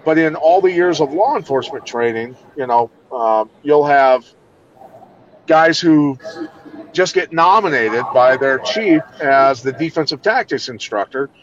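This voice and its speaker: A man's voice: on the high side, lively intonation, unhurried, crowd noise. A middle-aged man from Iowa, a combat and law enforcement trainer, speaking bluntly and with plenty of swearing in a casual podcast chat. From Iowa, USA. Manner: blunt, profane, emphatic. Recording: dull lo-fi sound.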